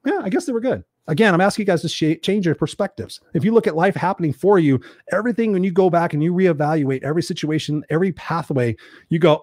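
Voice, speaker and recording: A man's voice: a little high, quick pace, no room sound, studio quality. A man in his forties giving a fiery, profane motivational talk as a livestream host.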